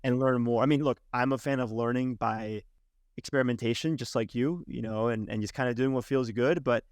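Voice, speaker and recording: A man hosting a podcast interview, his voice at a middling pitch and full of fillers and restarts as he works through his questions. The sound is dry and close. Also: fairly even intonation, brisk, no echo. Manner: hesitant, with many restarts and fillers. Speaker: podcast host. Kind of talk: conversational interview.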